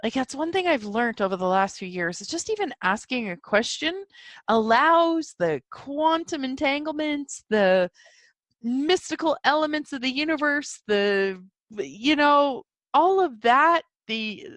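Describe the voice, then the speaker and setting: A woman's voice: high-pitched, lively intonation, measured pace, fairly bright tone, dry recording. A woman hosting a solo podcast, rambling and giggling as she talks through yawns about spiritual ideas. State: yawning, sleepy. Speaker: podcast host. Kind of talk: casual solo podcast talk.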